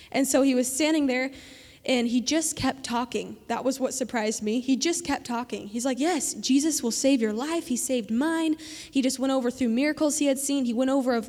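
A woman giving an informal sermon, telling a story in a chatty way with many "like"s and quick laughs. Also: a little high, darkish tone. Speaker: speaker sharing a testimony. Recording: long reverb of a hall.

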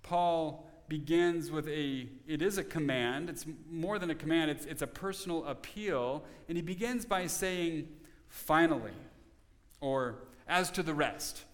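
A man's voice: fairly high pitch, a little slow, big-room sound. A man preaching a Sunday sermon as pastor, earnest and conversational, often restarting and repeating words. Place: church sanctuary.

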